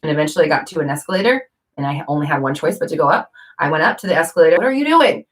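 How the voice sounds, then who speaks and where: A woman's voice: deep voice, rapid-fire. A woman vlogger talking casually to camera, rambling with fillers and self-corrections.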